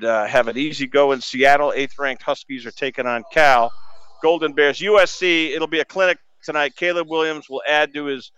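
Male sports radio host, energetic score rundown, smooth and resonant, dry close studio mic. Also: mid-range voice, no echo, dull audio.

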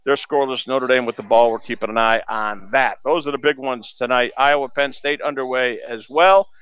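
Male sports radio host, energetic score rundown, smooth and resonant, dry close studio mic. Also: mid-range voice, normal speed, no echo.

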